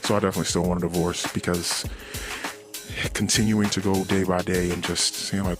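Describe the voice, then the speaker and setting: A man's voice: sits low, little pitch movement, brisk, music in the background. A man recording a personal diary monologue, ranting bluntly and profanely with exasperation. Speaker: anonymous podcast diarist.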